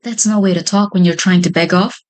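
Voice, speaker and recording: Lady doing a sly jolly pumpkin boss, soft and coaxing, kinda low. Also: fairly even intonation, fairly quick, natural voice. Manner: persuasive, coaxing. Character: sly jolly pumpkin gang leader, male.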